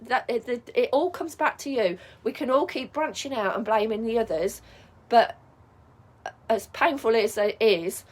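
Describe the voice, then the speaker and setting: A woman's voice: fairly high pitch, normal speed. A middle-aged woman coaching viewers in a casual advice vlog, chatty and reassuring, often checking in with "yeah?". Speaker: spiritual life coach.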